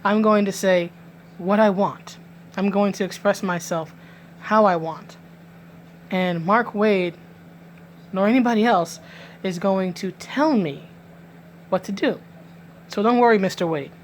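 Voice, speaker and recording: A woman's voice: medium pitch, unhurried, pauses often, slight background noise. A woman from New York City with a New York accent, giving emphatic, indignant vlog commentary and often restarting her words. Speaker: vlogger. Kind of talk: direct-to-camera commentary.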